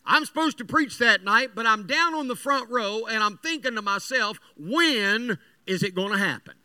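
A man's voice: sits high, lively intonation, moderate pace, bright, forceful tone, no room sound. A man from West Virginia preaching a sermon, telling folksy stories in an earnest, emphatic way.

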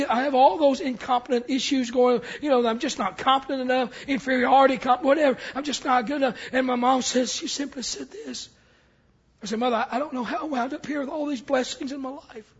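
Pastor, male, very high voice, storytelling sermon that swells to shouting, muffled lo-fi recording. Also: slightly rough. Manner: storytelling preacher, repeats words, builds to shouts.

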